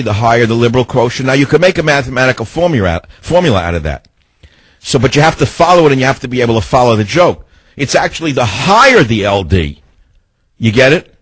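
Man, talk radio host, rambling, sarcastic, husky, dry close sound. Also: mid-range voice, no echo. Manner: sarcastic, mocking, meandering.

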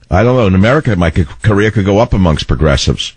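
A middle-aged man with a baritone voice, hosting a talk radio show in a combative, rambling way. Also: expressive, fast talker, slightly rough, no room sound. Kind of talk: opinionated talk radio monologue. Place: radio studio. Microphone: studio microphone.

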